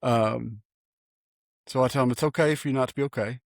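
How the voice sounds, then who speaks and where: A man, a pastor co-hosting a podcast, talking in an earnest, folksy, animated way with frequent restarts. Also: mid-range voice, fairly quick, vocal fry, no echo, studio quality. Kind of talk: casual chat.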